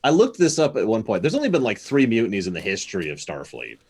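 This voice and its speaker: A man's voice: fairly low pitch, wildly swooping pitch, fast, a little mellow, breathy edge. A man who hosts the channel, playing a tabletop game, chatty and joking, with frequent apologies. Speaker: channel host and player. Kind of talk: casual game chat.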